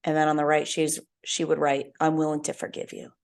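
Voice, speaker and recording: A young woman talks alone as a podcast host, earnest and heartfelt as she tells a story. Her voice sits a little low and carries a gravelly edge throughout. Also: level tone, fairly quick. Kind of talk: reflective solo talk.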